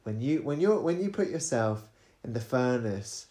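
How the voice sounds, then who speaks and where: A British man talks on a late-night podcast, tired, playful and wordy, often reaching for the right word. His voice sits at a middle pitch. The room gives it an echoey sound. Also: expressive, moderate pace, mellow. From Britain. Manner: wordy, playful, searches for words with fillers. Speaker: podcast co-host. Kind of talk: casual late-night chat.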